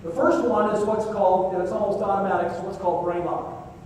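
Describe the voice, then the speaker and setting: Older male keynote storyteller, voice pitched high, distant and roomy hall sound. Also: steady tone, brisk, darkish tone, slight background noise. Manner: vivid storyteller, acts out dialogue. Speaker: keynote speaker. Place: conference hall. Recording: echoey hall, distant mic.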